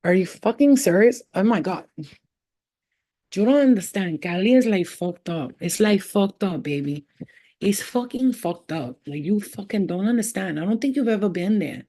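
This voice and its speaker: Mellow-voiced woman, profane, rambling. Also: mid-range voice, expressive, moderate pace. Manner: rambling and profane, with street slang; affectionate toward viewers, often saying she loves them. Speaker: spiritual reader hosting a livestream. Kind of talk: casual livestream chat.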